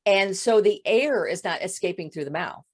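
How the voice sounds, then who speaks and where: A woman voice coach with a touch of vocal fry, explaining voice habits in an interview. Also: mid-range voice, animated, moderate pace. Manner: explanatory, demonstrates voice faults. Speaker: voice coach guest. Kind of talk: interview answers.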